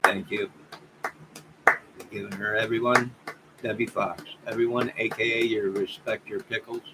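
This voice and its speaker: A man's voice: fairly low pitch, level tone, moderate pace, heavy background noise. A man hosting a casual livestream, rambling and joking as he thanks his chat viewers and signs off. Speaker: livestream host.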